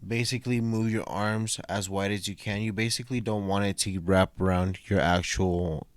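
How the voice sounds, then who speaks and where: Deep-voiced, laid-back man podcaster. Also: steady tone, normal speed, no echo. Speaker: podcast co-host. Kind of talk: casual podcast chat.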